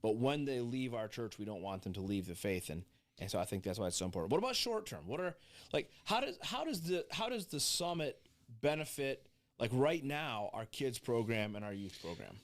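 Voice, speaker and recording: A man hosting a casual church podcast chat, playful and animated as he talks. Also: mid-range voice, fairly quick. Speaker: church leader and podcast host.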